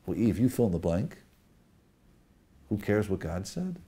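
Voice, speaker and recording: Male rabbi lecturing, animated and explanatory, husky voice. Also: fairly low pitch, a little slow. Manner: animated, explanatory, addresses audience directly. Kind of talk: sermon-style Torah lecture.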